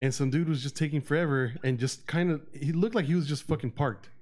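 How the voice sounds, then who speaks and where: A man's voice: a little high, fast, a little mellow. A man in casual chat, a little tipsy, laughing often and repeating his phrases.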